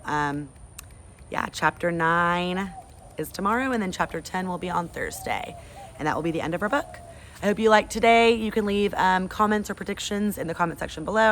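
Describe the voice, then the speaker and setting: A woman's voice: on the low side, gravelly, slight background noise. A woman reading a chapter book aloud to her class, then chatting in a friendly way. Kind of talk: read-aloud storytelling.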